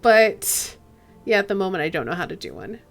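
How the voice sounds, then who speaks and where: A woman's voice: medium pitch, very animated, brisk, creaky, a bit bright, faint music behind. Chatty woman streamer. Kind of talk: casual chat with chat and game narration.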